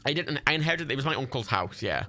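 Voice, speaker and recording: A man giving sweary, excitable running commentary while livestreaming a game. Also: medium pitch, quick pace, faint music behind. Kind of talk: gameplay commentary.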